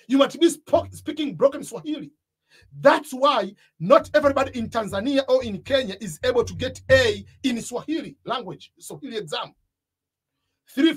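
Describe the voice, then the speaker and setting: A YouTube coach with an East African accent gives a motivational talk on starting a YouTube channel, emphatically stressing and repeating his key points. His voice is very high-pitched and slightly rough.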